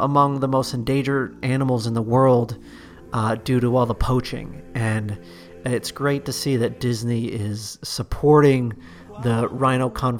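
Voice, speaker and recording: Man, podcast host, casual chat, halting with fillers, faint music underneath. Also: mid-range voice. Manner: halting, many fillers and restarts, openly emotional. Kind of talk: casual solo news chat.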